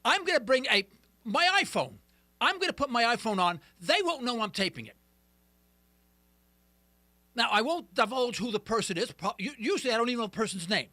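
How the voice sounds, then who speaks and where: A man's voice: extremely high pitch, sing-song, brisk, long pauses, sharp tone, no echo. A middle-aged man hosting a talk radio show, ranting emphatically and poking fun at himself. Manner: emphatic, ranting, self-deprecating. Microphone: studio mic.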